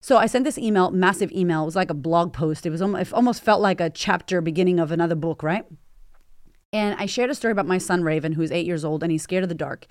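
A woman's voice: fairly low pitch, fast talker, a little mellow, no room sound, studio quality. A woman in her forties hosting a motivational podcast, talking bluntly and emphatically with plenty of swearing. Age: 40s. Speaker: podcast host.

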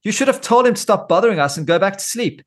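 An exasperated wife scolds her husband in a sharp, reprimanding tone, as a man puts her on in a higher voice. She sounds impatient and firm. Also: animated, fast talker.

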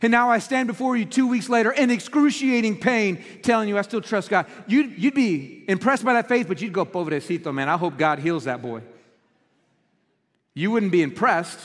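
A pastor with a high-pitched voice preaches straight to his congregation. He is earnest and questioning, and his words ring out through a long, echoing church hall. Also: fairly quick, hardly any pauses. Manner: earnest, direct address to the congregation with rhetorical questions. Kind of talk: sermon. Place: church auditorium.

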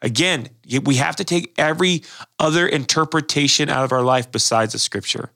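A man's voice: mid-range voice, a little fast, vocal fry, pushed and bright, dry recording, studio quality. A male pastor explaining faith in a casual, earnest discussion, often repeating words as he restarts his thoughts.

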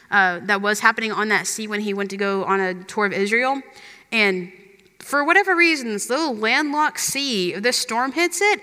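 A woman's voice: on the high side, sharp tone. A young woman giving a chatty, earnest sermon as a youth minister, full of "like" and "you know". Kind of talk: conversational sermon. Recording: long hall reverb.

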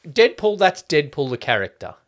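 A man's voice: fairly high pitch, very animated, normal speed. A man co-hosting a casual movie review podcast, arguing his points emphatically and swearing now and then. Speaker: podcast co-host. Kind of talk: casual film review chat.

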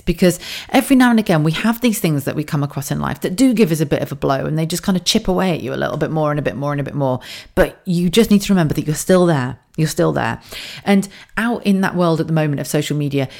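A woman's voice: low voice, fast talker, darkish tone. A woman hosting a solo podcast, talking frankly and swearing freely, with laughs, asides and rambling restarts. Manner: rambling, self-correcting delivery. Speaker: podcast host. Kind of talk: candid solo podcast monologue.

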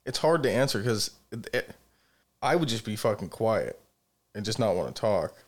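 A man's voice: fairly low pitch, sing-song, normal speed. A man co-hosting a podcast, speaking bluntly and opinionated in casual chat, swearing often. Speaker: podcast co-host.

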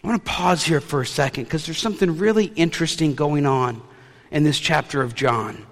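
A man's voice: fairly high pitch, a bit bright, in a large hall. A man preaching a sermon, retelling a scripture story with playful asides. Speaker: pastor.

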